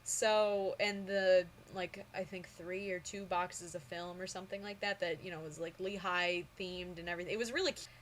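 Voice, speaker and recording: Excitable young woman gushing to camera. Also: lowish voice, normal speed, hardly any pauses, slight background noise. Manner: excitable, gushing, lots of fillers. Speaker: vlogger. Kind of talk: casual storytelling vlog.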